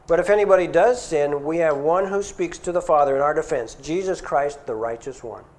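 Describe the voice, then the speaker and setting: A man's voice: on the high side, fairly quick, a little mellow. A middle-aged man preaching a sermon in an earnest, conversational way, asking his listeners questions.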